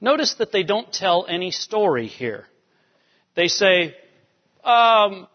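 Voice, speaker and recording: A man's voice: high voice, very animated, slow pace, long pauses. A man teaching a Bible lecture in a conversational way, checking in with rhetorical questions. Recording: dull recording with long hall reverb.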